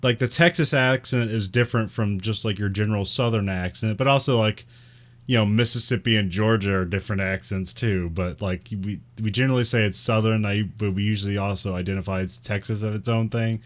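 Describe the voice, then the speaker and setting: American man, podcast co-host, low voice, rambling casual chat, many fillers, laughs often. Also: steady tone, brisk.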